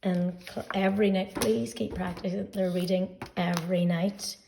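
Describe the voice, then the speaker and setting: A woman teacher explaining weekly phonics homework to parents, speaking slowly and patiently and sounding out letters one by one. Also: lowish voice, fairly even intonation, creaky, far from the mic, background noise. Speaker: early-years teacher. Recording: echoey room, voice set back from mic.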